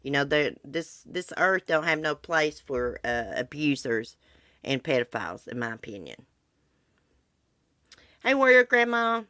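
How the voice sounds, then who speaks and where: A woman's voice: low voice, sing-song, measured pace, pauses often, pushed and bright, dry recording, studio quality. A congested middle-aged woman, hosting a casual livestream chat in a blunt, chatty way. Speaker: livestream host. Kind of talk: casual chat about true crime with live viewers.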